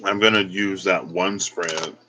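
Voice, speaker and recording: A man's voice: deep voice, steady tone, a little slow, background noise. A man doing a casual, rambling tarot reading vlog, chatty and unsure of himself, feeling emotional and close to tears. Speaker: tarot reader.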